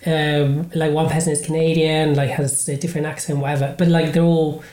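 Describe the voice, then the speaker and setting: A man's voice: on the high side, little pitch movement, brisk, a little mellow. Brief: Spanish-accented male podcast host, rambling and casual, non-native English, roomy echo. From Spain. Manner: rambling, many fillers and restarts. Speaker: podcast host and improv comedian.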